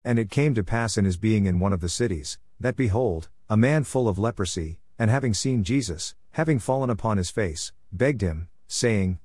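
A man with a lowish voice reads scripture aloud. He moves steadily through short phrases at a measured pace. The recording is dry and close. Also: lively intonation, darkish tone, breathy edge, dry recording. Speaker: scripture reader. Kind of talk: scripture reading.

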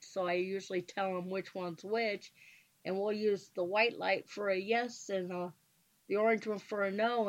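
Woman ghost hunter explaining stuff plainly, kinda muffled lo-fi sound. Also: medium pitch. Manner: matter-of-fact, explains methods plainly. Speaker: paranormal investigator guest. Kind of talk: casual chat. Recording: dull lo-fi sound.

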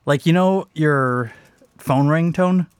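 A man in casual podcast chat who laughs often and bursts into loud shouted curses. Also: on the high side, takes it slowly, smooth, dry recording. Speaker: podcast co-host.

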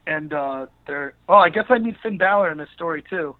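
A man's voice: on the high side, expressive, a little fast, crowd noise. A man, a podcast guest, telling a long story in a rambling casual way with many fillers and restarts. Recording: narrow phone-like line.

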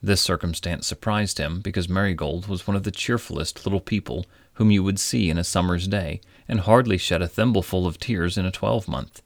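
A man reading a storybook aloud in a measured, old-fashioned, gently wry manner. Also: low-pitched, dry recording. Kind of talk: storybook narration.

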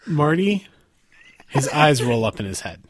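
A young man narrating as game master, unhurried, laughing often between lines. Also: mid-range voice, very animated.

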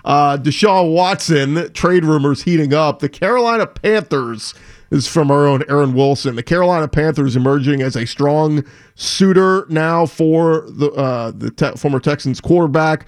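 A man co-hosting a sports talk show, his voice sitting a little high for a man. He talks in an easy, conversational way, reading out a report and then working through a list of names. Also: moderate pace. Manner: conversational, reads reports then lists players. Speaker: sports talk radio co-host.

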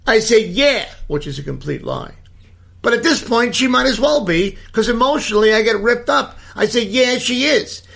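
A man's voice: high voice, animated, normal speed, gravelly, fairly bright tone, husky. A man in his fifties telling a story in a blunt, profane, indignant rant. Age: 50s.

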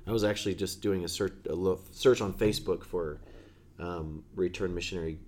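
A man hosting a casual interview, relaxed and thoughtful, often pausing to search for words. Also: low voice. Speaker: host.

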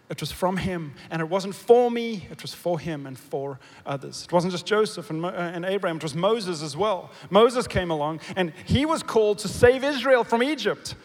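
High-voiced male preacher in a reverberant hall. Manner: dynamic, swings from loud emphatic bursts to soft low asides; engages the congregation with questions. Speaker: pastor. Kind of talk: sermon. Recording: long reverb of a big hall.

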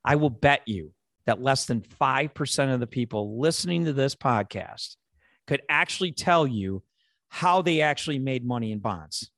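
A man with a Chicago accent hosting a finance podcast, making his points in an animated, rhetorical way. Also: medium pitch, normal speed, no echo, clean studio sound. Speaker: podcast host. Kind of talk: opinionated finance podcast talk.

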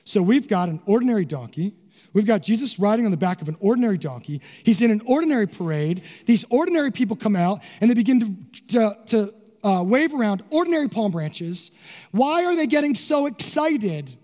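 Pastor, male, very high voice, animated sermon delivery with rhetorical questions; long church-hall reverb. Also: fairly quick. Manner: animated preaching, acts out crowd voices and asks rhetorical questions.

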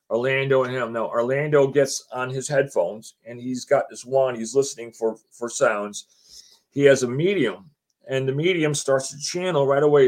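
A man telling a story in casual talk, acting out what others said. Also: medium pitch. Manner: animated, acts out quotes of others. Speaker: homeowner telling his story.

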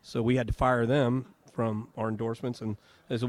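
A man's voice: medium pitch, little pitch movement, normal speed. A man hosting a live radio talk show from a home and garden show, chatting, joking and reading ads.

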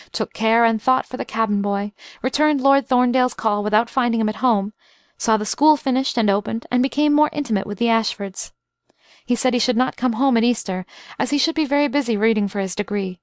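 A woman's voice: a little high, no echo, clean studio sound. Woman narrating a classic novel. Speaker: audiobook narrator. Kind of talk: scripted narration.

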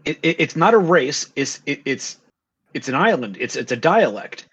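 A man's voice: fairly high pitch, animated, normal speed, fairly bright tone, husky. A man, a voice actor and podcast co-host, arguing his point emphatically in casual chat. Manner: emphatic, argumentative.

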